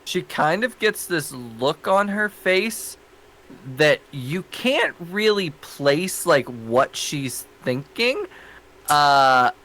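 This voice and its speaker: A man's voice: on the high side, very animated, extremely slow, pushed and bright, a little hiss or hum, rough recording. A man narrating a tabletop game as game master in an easygoing, rambling way. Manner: easygoing, hums to himself.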